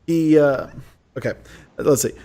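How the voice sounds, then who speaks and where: Higher-voiced man running a tabletop game. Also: measured pace. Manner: relaxed, laughing, loose storytelling. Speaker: game master.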